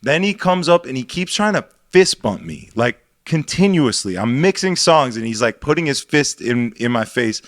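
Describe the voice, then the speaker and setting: A man's voice: medium pitch, expressive, moderate pace, few pauses, dry recording, studio quality. Profane young man telling a club story. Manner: profane, rambling, heated. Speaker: podcast co-host and DJ. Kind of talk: crude casual storytelling.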